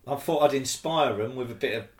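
A man's voice: medium pitch, fairly quick, echoey room. A man telling a casual, slangy story in an interview, often tagging "do you know what I mean".

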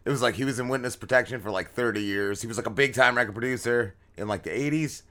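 A man's voice: medium pitch, fast talker, sharp tone. A man co-hosting a podcast, rambling in crude, profane banter with mumbled asides. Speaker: podcast co-host.

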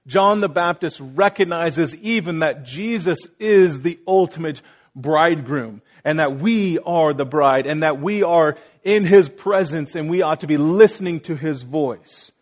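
A male pastor delivering a sermon in an earnest, searching way, acting out the voices he quotes and turning questions back on the congregation. His voice sits a little higher than most men's. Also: measured pace.

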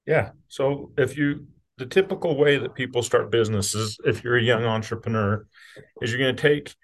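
A middle-aged man from rural Utah, a company CEO talking candidly as a podcast guest, blunt and casual, with the odd swear word. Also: on the low side. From rural Utah, USA. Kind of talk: candid conversational interview.

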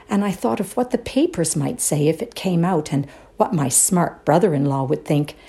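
A woman performing a dramatic reading of a ghost story, hushed and suspenseful, often dropping to a whisper. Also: on the low side. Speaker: reader in a readers' theatre show.

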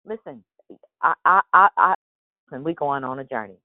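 A woman's voice: deep voice, lively intonation, normal speed, no echo, phone-quality sound. A woman hosting a daily prayer call in a casual, rambling way, with a morning voice. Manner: chatty and rambling, with many restarts and fillers. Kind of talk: casual devotional talk.

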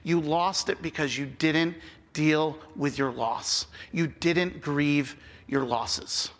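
A man's voice: on the high side, slow, long reverb tail. A man preaching a sermon as pastor, talking conversationally, repeating key phrases and checking in with "okay?".

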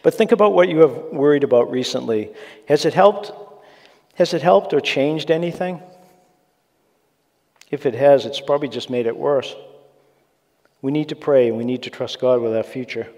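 A man preaching a sermon, earnest and conversational, slipping in asides to his listeners. His voice is mellow and dark, sitting at an ordinary pitch. The sound carries the long reverb of a large church sanctuary. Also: moderate pace, pauses often.

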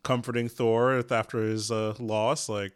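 Podcast guest, man, middling pitch, eager and rambling casual delivery. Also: flat delivery, unhurried, clear, resonant tone. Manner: enthusiastic, hedging with "like" and "um". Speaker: guest, music composer. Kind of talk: casual chat.

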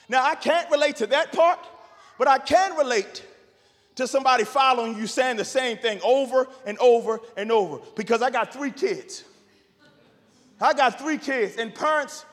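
Man preaching, very high voice, animated and shouting at times, long hall reverb. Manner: animated preaching, rises to shouts and repeats phrases. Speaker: pastor. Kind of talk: sermon.

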